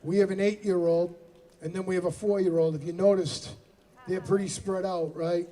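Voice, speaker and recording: A man's voice: high-pitched, fairly even intonation, normal speed, mellow. Joking Boston man on stage. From Boston area, USA. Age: 40s. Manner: self-deprecating joking. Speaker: singer-songwriter. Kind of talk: stage banter at outdoor concert. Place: outdoor amphitheater stage. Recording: distant PA sound with music.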